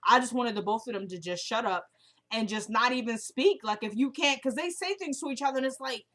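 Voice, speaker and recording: A woman's voice: fairly high pitch, a little fast, fairly bright tone. A woman recapping a TV episode in casual chat, emphatic and repeating herself as she retells scenes.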